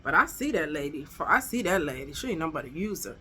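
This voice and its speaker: Chatty woman vlogger, bright voice. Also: sits low, big pitch swings, fast, a little hiss or hum. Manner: chatty, emphatic, talks straight to viewers. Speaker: vlogger giving dating advice. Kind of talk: casual advice vlog.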